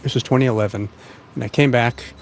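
A man hosting a public radio interview, asking questions in a measured, conversational way. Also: medium pitch, fairly even intonation, creaky, slight background noise. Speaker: radio host.

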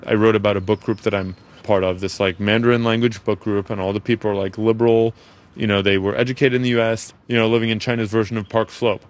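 Man in his forties, from the United States, radio interview guest, animated, slightly low pitch. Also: quick pace. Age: 40s. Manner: animated, acts out other people's voices in quotes.

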